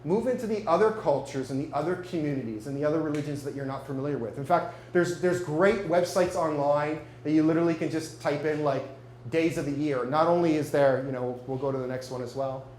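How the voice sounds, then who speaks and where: At a marketing meetup, a man with a darkish, higher-pitched voice speaks fairly quickly to a live audience. He's chatty and jokey, often throwing questions to the room, and the echoey space carries a faint hum.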